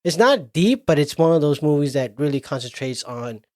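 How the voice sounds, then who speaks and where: A man co-hosting a podcast, talking about a movie in a relaxed, rambling and profane way. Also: fairly high pitch, moderate pace, no room sound, clean studio sound. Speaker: podcast co-host. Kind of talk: casual movie chat.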